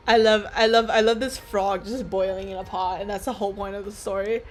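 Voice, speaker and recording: A woman's voice: medium pitch, steady tone, moderate pace, soft background music. A woman in her twenties casually playing a game, reading its text aloud and giggling often. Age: 20s. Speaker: gaming streamer. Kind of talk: casual let's-play commentary.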